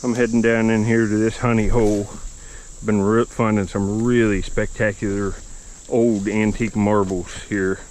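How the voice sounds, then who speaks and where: A man with a fairly low voice talks in a relaxed, rambling, folksy way while he films himself outdoors. He is recorded on a camera mic. Crickets and insects are faintly heard behind him. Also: moderate pace, slight background noise, poor audio. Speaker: vlogger. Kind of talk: casual outdoor vlog narration. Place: outdoors by a river and an old dump hillside.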